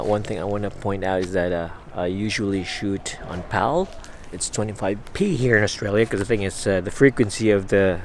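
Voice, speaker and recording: A man from the Philippines talking casually to camera in a vlog, rambling with many fillers and breaking into angry swearing rants. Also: low voice. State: headache, migraine. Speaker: vlogger. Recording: noisy street and traffic behind.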